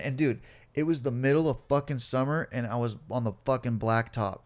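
A man in his late twenties or older recounts his own life in a casual interview, cursing heavily and animatedly playing both the cops and himself. He speaks briskly in a medium-pitched voice.

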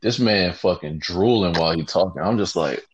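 A man's voice: sits low, moderate pace, husky. A man telling a work story in casual slang, laid-back and amused. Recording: dull lo-fi recording.

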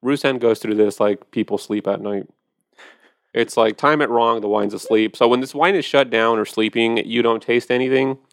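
A man's voice: medium pitch, steady tone, moderate pace, dry recording, studio quality. A man hosting a podcast, chatting casually and animatedly about wine, with profane storytelling. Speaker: podcast host.

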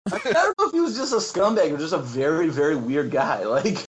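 Animated man telling a tournament story. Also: a little high, fast talker, poor audio. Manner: animated, acts out quotes, laughs often. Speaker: guest, Magic tournament player. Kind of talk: casual podcast storytelling.

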